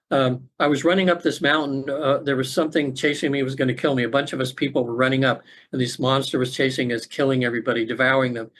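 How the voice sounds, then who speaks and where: A middle-aged man, a podcast guest, telling a personal story in an earnest, halting way with many restarts, over a remote call. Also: mid-range voice, a bit bright. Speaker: podcast guest, afterlife facilitator.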